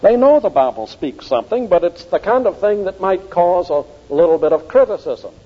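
A man preaching in a fairly high voice, pressing each point with emphatic repetition. The recording is dull and lo-fi, with a long reverb trailing off the walls of a large hall. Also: animated, normal speed. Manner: emphatic, repeats key phrases for stress. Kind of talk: sermon.

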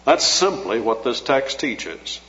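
A man delivers a sermon in a measured, teacherly manner, drawing out key phrases for emphasis. His voice sits at an ordinary middle pitch. The recording is dull and lo-fi, with a long reverb trailing off the walls of a large hall. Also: big pitch swings, pushed and bright. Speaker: preacher. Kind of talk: expository sermon.

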